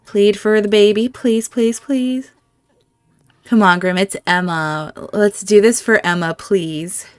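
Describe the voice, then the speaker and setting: Expressive woman narrating her gameplay. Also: mid-range voice, a little slow, clean tone, no room sound, faint music behind. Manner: emotional, reacts aloud and talks to her characters. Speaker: gameplay video host. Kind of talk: casual gameplay commentary.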